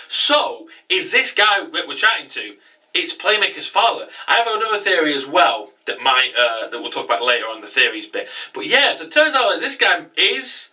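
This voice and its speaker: Bright, sweary man recapping anime. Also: a little high, recorded from a distance, poor audio. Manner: excitable, sweary, quick asides. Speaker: anime review host. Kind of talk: casual recap vlog with swearing.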